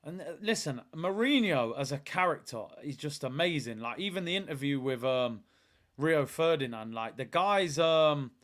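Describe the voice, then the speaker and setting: A young man hosting a live football watch-along, talking in excitable, slangy banter as he reacts to the match. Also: a little high, normal speed.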